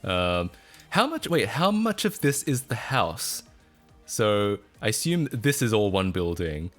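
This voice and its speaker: A man's voice: fairly low pitch, big pitch swings, takes it slowly, fairly bright tone, soft background music. A man chatting casually on a livestream, laughing often and breaking into incredulous outbursts.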